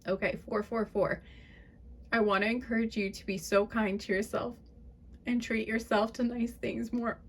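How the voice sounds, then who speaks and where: Soft-spoken woman doing a tarot reading. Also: a little high, flat delivery, normal speed. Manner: soft, chatty, giggly and apologetic. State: fits of laughter. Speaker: tarot reader. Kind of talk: pick-a-card tarot reading.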